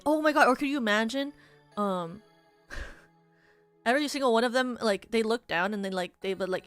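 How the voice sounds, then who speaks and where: A woman VTuber streamer chatting casually, spinning rambling hypotheticals with lots of "like" and frequent giggles. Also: medium pitch. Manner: giggly, rambling, heavy use of "like".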